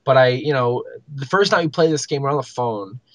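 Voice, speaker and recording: A man's voice: mid-range voice, animated, a little fast, fairly bright tone. A young man co-hosting a gaming podcast, telling stories in casual chat with many likes and ums. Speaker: podcast co-host.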